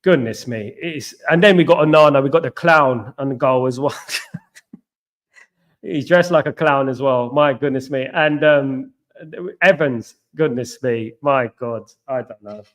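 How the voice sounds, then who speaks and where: A man's voice: medium pitch, a little slow, a bit bright. A man hosting a live football watchalong, chatting casually and reacting with exasperation while answering viewers. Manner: exasperated, talks to live chat. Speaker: watchalong host.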